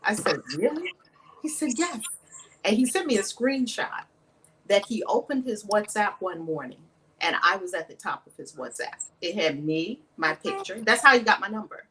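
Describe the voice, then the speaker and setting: A woman's voice: mid-range voice, moderate pace, pushed and bright, a little hiss or hum, rough recording. A woman telling a funny story in casual chat, acting out quotes and laughing often. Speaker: co-host.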